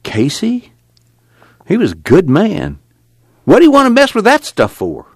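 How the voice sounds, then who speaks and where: A man putting on a riled older father in a story reading, his voice pushed well above the reader's own and breaking into sharp, high outbursts. He talks in a rough rural dialect and sounds dry and close. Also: wildly swooping pitch, measured pace, no echo, exaggerated voice. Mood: gruff.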